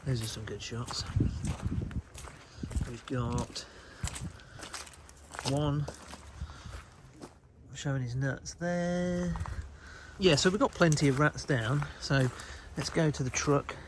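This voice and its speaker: A man's voice: medium pitch, slow, long pauses, background noise. A man hosting a casual outdoor video in a farmyard at night, chatty and wry, with mild swearing. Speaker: host.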